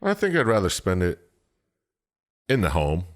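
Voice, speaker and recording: A man's voice: low-pitched, huge pitch swings, normal speed. A man co-hosting a podcast, laid-back and crude in casual banter with friends. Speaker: podcast co-host.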